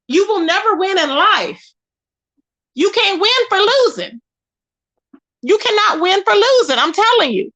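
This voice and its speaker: Woman livestream host, high bright voice, indignant repetitive rant, tired. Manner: indignant, repetitive, calling out by name. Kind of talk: ranting live stream commentary.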